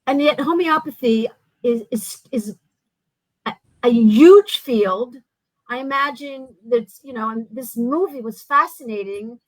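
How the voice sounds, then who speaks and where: A woman hosting an interview, telling stories in an animated way with many restarts. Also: on the high side, a little slow, dry recording, low-quality recording. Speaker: host. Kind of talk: casual interview chat.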